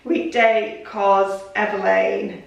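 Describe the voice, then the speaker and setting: A woman's voice: medium pitch, flat delivery, slow, gravelly, highs cut off. Chatty woman, roomy and distant. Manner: chatty, repeats "really" for emphasis. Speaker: fashion vlogger. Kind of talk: casual try-on vlog. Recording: roomy and distant with faint noise.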